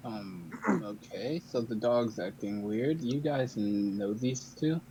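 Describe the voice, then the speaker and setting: A man's voice: mid-range voice, takes it slowly, warm tone, highs cut off, a little hiss or hum. A man playing a tabletop game in character, blunt and swearing. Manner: blunt, swears, rises sharply when surprised. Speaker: player. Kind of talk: in-character tabletop role-play.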